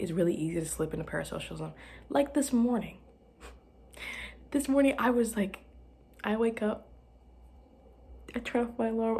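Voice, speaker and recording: A woman's voice: fairly high pitch, mellow. A tired young woman from Arkansas with a light Southern lilt, rambling casually on her solo podcast and often dropping to a whisper. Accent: light Southern American. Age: young adult. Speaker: podcast host.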